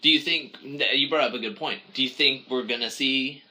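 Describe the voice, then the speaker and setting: A man's voice: mid-range voice, moderate pace, bright, forceful tone, breathy edge. A man co-hosting a podcast in casual chat, rambling and correcting himself as he acts out quotes. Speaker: podcast co-host.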